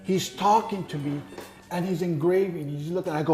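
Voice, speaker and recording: A man's voice: sits high, moderate pace, faint music behind. A man telling a story in casual talk, swearing freely and acting out the voices of people he quotes. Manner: profane, animated, acts out quoted dialogue. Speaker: guest.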